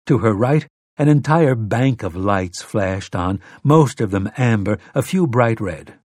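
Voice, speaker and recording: A man narrating an audiobook with steady, dramatic storytelling. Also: on the low side, a little slow, dry recording, studio quality. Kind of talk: scripted narration.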